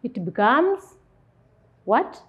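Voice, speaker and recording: A woman teaching young children, with a slightly high voice that rises and falls a lot. She talks slowly, asks questions and answers them herself. The recording is dull and lo-fi. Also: very animated, slightly rough. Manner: slow, sing-song teacher talk, asks and answers her own questions. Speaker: primary school English teacher. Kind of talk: classroom lesson.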